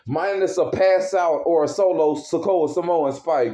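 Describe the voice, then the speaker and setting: A man's voice: fairly high pitch, moderate pace, hardly any pauses, warm tone. Angry man ranting, profane and heated. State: worked up. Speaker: wrestling fan reviewer. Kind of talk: casual rant. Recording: dull lo-fi recording.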